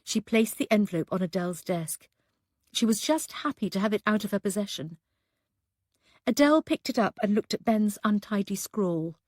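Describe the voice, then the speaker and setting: A woman with a mid-range voice narrates an audiobook in a measured, even storytelling style. She's recorded close to the mic in a dry setting.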